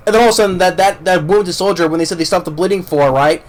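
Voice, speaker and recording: A man with a somewhat high voice gives a loose spoken movie review. He rambles, restarts his sentences and repeats words as he goes, and he talks in a blunt, excited way with casual swearing. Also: fast.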